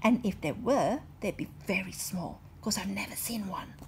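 A woman's voice: medium pitch, lively intonation, measured pace, vocal fry, a little hiss or hum. A woman voicing a bossy but soothing maid with a singsong voice.

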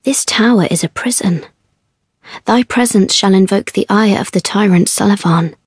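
A woman voicing a gentle, solemn imprisoned woman in a video game, speaking slow, formal, archaic lines with a breathy voice. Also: mid-range voice, dry recording, studio quality, lightly acted. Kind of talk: game character dialogue.

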